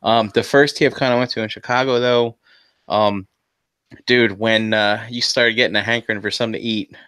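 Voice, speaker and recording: A man on a podcast panel chatting in a laid-back, halting way with many fillers. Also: on the low side, steady tone, sharp tone, smooth, dry recording. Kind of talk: casual chat.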